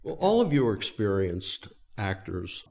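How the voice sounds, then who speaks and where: A man's voice: on the low side, big pitch swings, moderate pace, vocal fry, darkish tone. A man interviewing stage actors, asking questions in a curious, conversational way.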